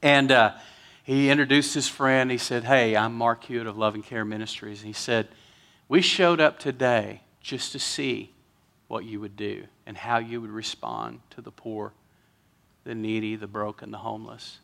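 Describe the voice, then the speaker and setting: A man's voice: medium pitch, fairly even intonation, moderate pace, gravelly, a bit bright. A man, a pastor telling an emotional story during a sermon and getting choked up at times.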